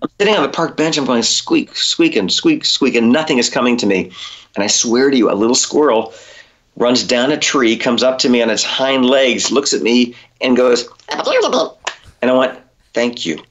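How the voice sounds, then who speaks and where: Animated storytelling man, slightly muffled. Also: mid-range voice, a little fast. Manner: animated storyteller, acts out quoted dialogue. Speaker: voice actor guest. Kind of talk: anecdotal podcast interview.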